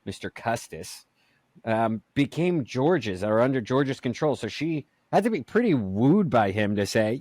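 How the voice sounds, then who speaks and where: A man's voice: mid-range voice, big pitch swings, a little slow, a little mellow, no room sound. Joking self-mocking man, dry sound. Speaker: podcast co-host. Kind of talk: casual chat.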